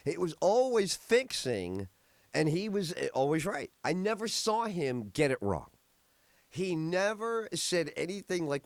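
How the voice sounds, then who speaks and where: A man's voice: on the high side, big pitch swings, unhurried, vocal fry, no echo. A middle-aged man hosting a podcast, telling rambling stories in a casual chat with many fillers. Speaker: podcast host.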